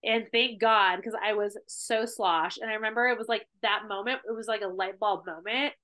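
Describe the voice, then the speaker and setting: A woman guest in a casual podcast chat, telling a story in an animated way with many fillers like "like". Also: mid-range voice, moderate pace. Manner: animated storytelling, heavy use of "like".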